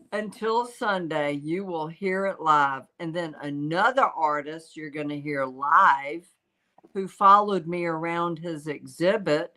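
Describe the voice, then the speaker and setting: Slow-talking older woman medium storyteller. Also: fairly low pitch, poor audio. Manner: animated storytelling, quotes spirits in voices. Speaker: psychic medium, show host. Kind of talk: casual livestream chat.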